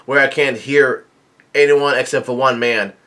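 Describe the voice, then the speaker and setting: A man's voice: mid-range voice, steady tone, normal speed, pushed and bright, lightly acted. A man reading out a brooding beast-man pirate. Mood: grim.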